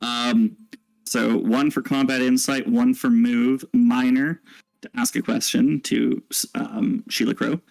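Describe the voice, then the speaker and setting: Gravelly-voiced man playing a tabletop game. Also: mid-range voice, steady tone, slow, a little mellow, no echo, poor audio. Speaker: player. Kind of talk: casual tabletop play.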